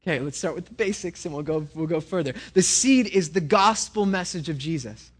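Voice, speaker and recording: A man's voice: on the high side, brisk. Man preaching in a chatty sermon. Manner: conversational, repeats words when restarting. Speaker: pastor.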